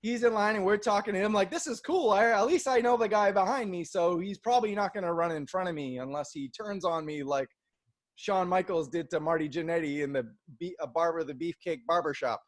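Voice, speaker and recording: A man from Boston, co-hosting a casual chat and telling a story in an animated way, acting out the people in it and swearing casually. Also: high-pitched, fairly quick. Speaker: co-host.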